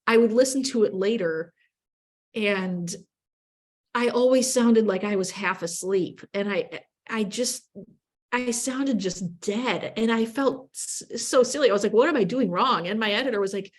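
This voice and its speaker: A woman radio journalist with an upper Midwestern accent, answering interview questions in a chatty, animated way with quick bursts and self-corrections. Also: mid-range voice. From upper Midwest of the United States.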